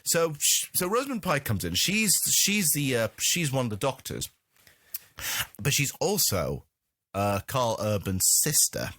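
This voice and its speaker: A man co-hosting a casual movie review podcast, riffing and mocking with big swings in pitch. His voice is bright and forward. The sound is dry and close. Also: unhurried, no echo. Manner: animated, mocking, slips into jokey impressions. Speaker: podcast co-host.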